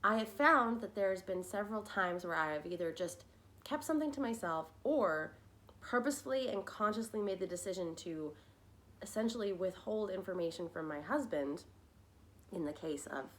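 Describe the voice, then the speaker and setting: A woman's voice: medium pitch, animated, fairly bright tone. A young adult woman hosting a podcast, telling a personal story in a frank, rambling, chatty way. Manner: chatty, rambling, frank, with tangents and quick laughs. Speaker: podcast host. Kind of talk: casual personal storytelling monologue.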